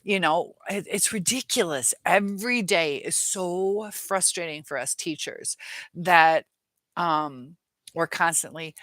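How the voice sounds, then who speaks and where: A woman's voice: on the low side, animated, unhurried, sharp tone, no room sound. A woman, a teacher, talking casually on a livestream with lots of fillers, acting out quoted lines and reading viewer questions. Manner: rambling, many fillers, acts out quoted lines in a livelier voice. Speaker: teacher and relationship-advice creator.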